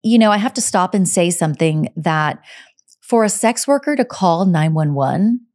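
A woman's voice: on the low side, expressive, moderate pace, darkish tone. A woman hosting a podcast, telling a true crime case in a casual, conversational way and often adding her own take. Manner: conversational, hedges with personal takes. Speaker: podcast host.

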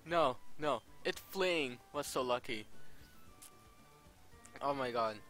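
A man giving casual, excitable gameplay commentary, exclaiming often. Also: medium pitch, slow pace, soft background music. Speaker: Let's Play gamer.

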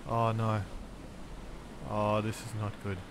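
A man's voice: on the low side, monotone, slow pace, a little hiss or hum. Jumpy man doing let's-play commentary. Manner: jumpy, exclaims often at scares. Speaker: gaming channel host.

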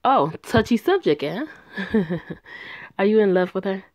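A woman's voice: medium pitch, lively intonation, measured pace, a little mellow, dry recording, close to an everyday voice. A woman reading the part of a cruel, vengeful young woman who taunts her ex-lover in a mocking, sneering way.

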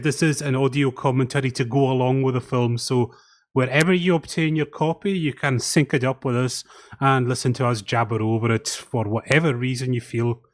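A man hosting a loose, chatty commentary podcast over an online call. He keeps the talk moving and checks in with his co-hosts. His pitch sits in a middle range for a man. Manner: chatty, organizes the talk and guides the others. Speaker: podcast host. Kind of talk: casual group commentary.

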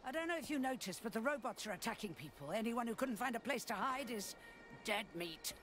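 A woman's voice: a little high, expressive, a little fast, a bit bright. An actress voicing a tough, bossy old woman in a video game who swears freely and barks orders, with music playing behind her. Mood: gruff. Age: older. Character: tough foul-mouthed old woman fighter, gruff.

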